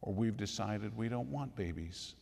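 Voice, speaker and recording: A man's voice: on the low side, normal speed, vocal fry, darkish tone. A man preaching a sermon, emphatic and full of rhetorical questions, in a church. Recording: echoey hall with long reverb.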